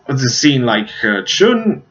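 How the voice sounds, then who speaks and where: A man's voice: medium pitch, a little slow, fairly bright tone. Rambling man reviewing films, lo-fi. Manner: rambling, searches for names, many fillers. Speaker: movie reviewer. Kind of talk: casual movie review.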